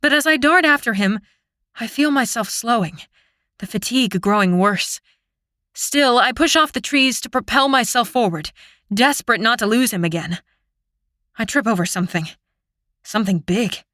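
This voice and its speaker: A woman reading a fantasy audiobook in first person, with steady, immersive storytelling. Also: fairly high pitch, moderate pace, pauses often, no room sound, studio quality. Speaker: audiobook narrator.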